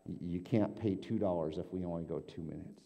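A man's voice: deep voice, brisk, creaky, mellow. A pastor playing a blunt, impatient male counselor who keeps cutting people off, in a church sanctuary. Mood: brusque. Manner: curt, repeating. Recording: long church hall reverb.

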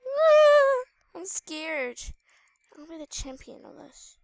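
Female gaming host, very high and unhurried voice, excitable and shrieky while narrating play to viewers. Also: creaky, no room sound. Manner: excitable, squealing and shrieking at in-game danger; chatty asides to viewers. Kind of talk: live gameplay commentary.

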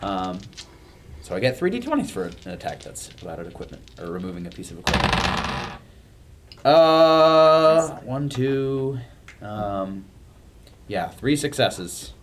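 Lively-voiced male tabletop player. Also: medium pitch, measured pace, long pauses, noisy background. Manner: thinks aloud about rules and moves. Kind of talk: casual tabletop play.

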